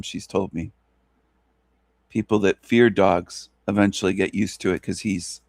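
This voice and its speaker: A man's voice: on the low side, gravelly, no echo, clean studio sound. A man hosting a show, talking in a rambling, repetitive, mocking monologue. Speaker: show host.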